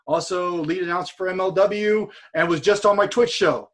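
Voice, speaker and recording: A man speaking as a guest over a video call, telling a story in an energetic, profane way and repeating words as he goes. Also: sits high, moderate pace. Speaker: guest, streamer and wrestler. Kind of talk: casual storytelling chat.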